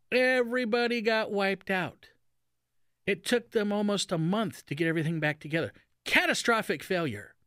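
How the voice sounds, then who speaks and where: Lively, bright-voiced radio host. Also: male voice, high-pitched, dry recording, studio quality. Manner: folksy and sarcastic, acts out silly voices. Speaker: radio talk show host. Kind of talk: animated radio commentary.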